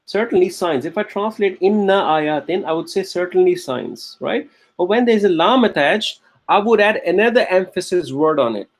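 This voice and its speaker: Male teacher, somewhat high voice, patient, repeats points, keeps asking "okay?". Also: lively intonation, moderate pace. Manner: repeats key phrases, checks in with "okay?" and "right?". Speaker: Arabic grammar teacher. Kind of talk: classroom lecture.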